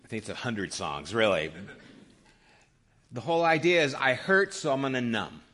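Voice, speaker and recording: Bright-voiced man preaching in his fifties. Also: mid-range voice, big pitch swings, normal speed. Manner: conversational storytelling, frequent rhetorical "right?". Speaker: pastor. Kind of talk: sermon.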